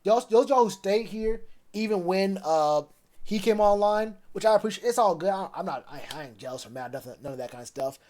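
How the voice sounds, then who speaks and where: A man's voice: sits high, animated, fairly quick, a little mellow. A man chatting loosely on a live stream about football, rambling with plenty of fillers. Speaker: sports streamer. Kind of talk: casual live stream chat.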